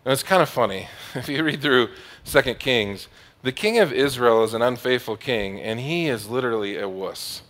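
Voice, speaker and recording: A man's voice: medium pitch, lively intonation, normal speed, fairly bright tone. A man preaching a sermon, retelling a Bible story in a casual, joking way. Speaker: pastor.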